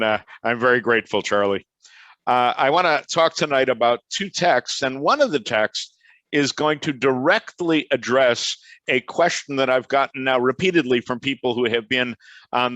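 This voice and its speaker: An older man with a Chicago accent gives an online lecture over a video call. He talks in a relaxed, chatty way and drifts into side stories. His voice sits in a middle register, and the sound is dry with almost no room echo. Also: mid-range voice, lo-fi sound. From Chicago, USA. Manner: conversational, anecdotal and digressive. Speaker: professor giving a lecture.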